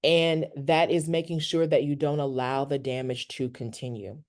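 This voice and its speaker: A counselor giving an online workshop over a video call, talking in a relaxed, conversational way and often checking in with "right?". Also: medium pitch, moderate pace.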